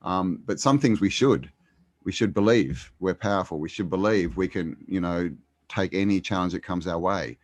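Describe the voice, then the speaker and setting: A man's voice: low voice, normal speed, a little mellow, no room sound. A man as a guest in a casual conversation, talking hesitantly with many ums and restarts.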